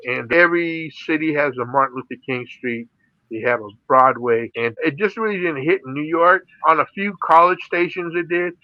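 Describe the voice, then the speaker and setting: A man's voice: fairly high pitch, normal speed, no room sound, muffled recording. A middle-aged man from the Philippines, an interview guest and radio DJ, telling his stories in a casual way, laughing often and saying "you know" a lot. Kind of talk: casual storytelling.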